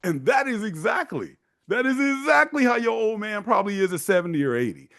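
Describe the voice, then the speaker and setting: A man hosting a casual advice monologue, talking in an animated way and mocking the people he quotes. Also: sits high, fairly quick, gravelly. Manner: animated, acts out quoted parents in mocking voices. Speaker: host giving men's advice.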